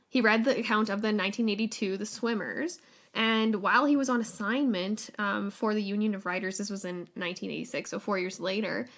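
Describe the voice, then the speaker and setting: A woman co-hosts a conversational podcast, talking casually and filling her sentences with "like" and "um." Her voice sits at a middle pitch, and she laughs easily as she relays her research. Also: fairly bright tone. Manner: chatty, full of fillers and laughs, relays research. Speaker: podcast co-host.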